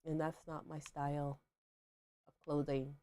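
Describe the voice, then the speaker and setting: Her voice sits low and dark, her delivery flat and unhurried, as this young adult woman hosts a gaming livestream. She chats casually and rambles, peppering her speech with fillers and self-directed questions.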